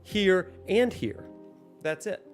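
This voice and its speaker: Playful, lively-voiced livestream host man. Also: high voice, slow pace, soft background music. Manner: playful, laughs often, chats to viewers. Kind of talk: casual livestream chat.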